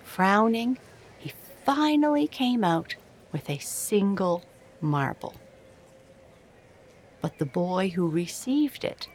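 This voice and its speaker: A woman reading a storybook aloud in an expressive storytelling manner. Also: mid-range voice, a little hiss or hum, low-quality recording.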